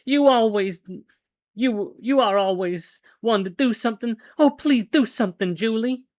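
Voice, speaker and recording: A man's voice: high voice, measured pace, a little mellow, pitched above the performer's own voice. A man voicing a desperate young woman who begs for help. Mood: pleading. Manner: pleading.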